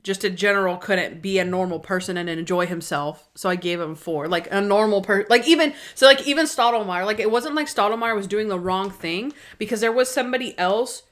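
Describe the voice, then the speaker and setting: A woman co-hosts a casual podcast in an easygoing, chatty way. She giggles often and talks with animated energy, slipping into little impressions as she recaps. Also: medium pitch, a little fast, few pauses. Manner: giggly, animated, acts out quotes from scenes. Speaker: podcast co-host. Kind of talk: casual chat.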